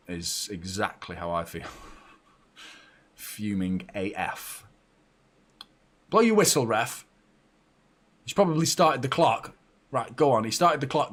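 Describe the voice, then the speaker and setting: Male watchalong host, young adult, sweary, swings from shouting to mumbling. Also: husky. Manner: excitable and sweary, jumping from shouts to low muttering. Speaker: football fan channel host. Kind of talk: live match watchalong commentary.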